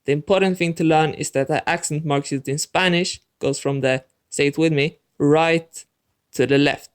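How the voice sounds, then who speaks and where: A man teaching a language lesson in a clear, methodical scripted narration, talking straight to the viewer. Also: fairly high pitch, steady tone, normal speed.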